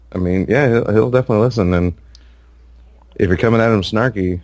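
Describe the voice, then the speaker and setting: A man's voice: on the low side, fairly quick, darkish tone, no echo. A man co-hosting a casual gaming podcast, rambling with lots of fillers and restarts. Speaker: podcast co-host.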